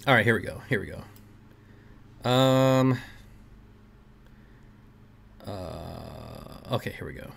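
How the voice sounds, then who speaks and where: A man's voice: on the low side, expressive, slow pace, vocal fry, pauses often, a bit bright, husky. A man hosting a casual livestream, reading chat comments aloud and joking with viewers, often laughing. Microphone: desk mic.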